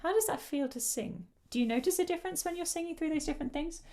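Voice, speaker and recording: A woman's voice: high-pitched, expressive, quick pace, dark tone. A woman leading a vocal workshop, explaining breath control and demonstrating with shushing sounds. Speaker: choral singing coach. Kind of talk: online vocal workshop instruction.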